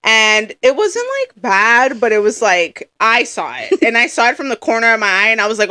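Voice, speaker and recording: A young woman with a bright, forceful voice that sits a little high, co-hosting a podcast in casual chat. She talks loud and animated and acts out what people said. The sound is dry and close. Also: moderate pace, hardly any pauses, dry recording. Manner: loud, animated storytelling with acted-out quotes. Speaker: podcast co-host.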